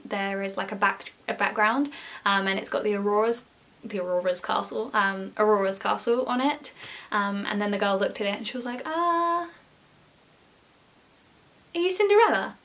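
A young woman chatting casually in a storytelling vlog, with many "like" fillers and lively emphasis. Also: mid-range voice. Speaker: former theme park character performer.

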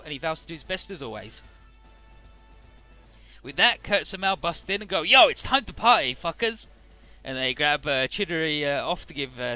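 A man's voice: a little high, sharp tone. A man casually recapping a game's story, chatty, with many filler words and the odd swear. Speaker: let's play narrator.

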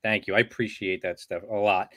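A man's voice: on the low side, fairly even intonation, a little fast, pushed and bright, no echo, studio quality. A man co-hosting a networking livestream, chatting casually, joking and greeting viewers by name. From New York. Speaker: co-host, regional director of a networking group.

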